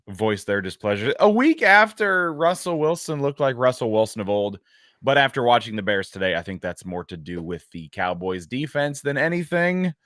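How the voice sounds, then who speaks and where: A man's voice: fairly low pitch, fairly bright tone, dry recording, clean studio sound. A man co-hosting a sports podcast, musing wryly with lots of hesitations in casual chat. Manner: rambling, hesitant, wry. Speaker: podcast co-host.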